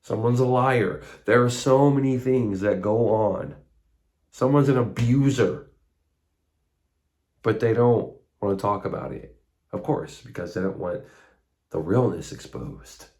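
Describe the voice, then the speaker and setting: A man with a deep, low voice speaks about faith directly to the listener. He is earnest and conversational, and he slips into casual asides as he retells old stories. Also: unhurried, pauses often, a little mellow. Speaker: faith talk host. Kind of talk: spoken faith monologue.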